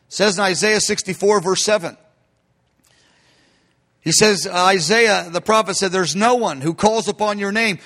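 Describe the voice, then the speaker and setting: A man's voice: high-pitched, a bit bright. A man preaching a sermon in an emphatic way, calling his listeners "beloved.".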